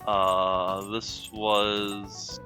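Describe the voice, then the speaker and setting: A co-player chatting casually during a let's play, making slow, drawling remarks. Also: deep voice, little pitch movement, pushed and bright, soft background music.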